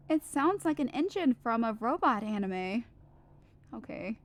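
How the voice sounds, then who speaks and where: Animated woman reading game dialogue aloud. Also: a little high, a little slow. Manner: animated, playful, swears and jokes at the characters. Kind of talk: casual let's play, reading dialogue aloud. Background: faint game music.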